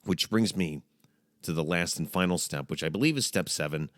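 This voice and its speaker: A man's voice: sits low, normal speed, no room sound, clean studio sound. A man hosting a casual comedic monologue, talking in a jokey, mock-dramatic way with playful asides. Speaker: podcast host.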